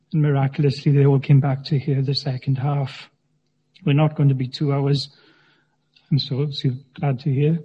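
A male minister preaching a sermon in a church, in a measured way with gentle humor. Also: a little high, slightly rough. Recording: dull sound with long church reverb.

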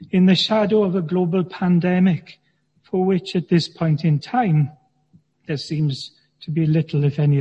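Male minister, measured sermon with dry humor; muffled, lo-fi church recording with a long echo. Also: a little high, breathy edge. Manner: measured, gently humorous preaching. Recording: dull sound with long church reverb.

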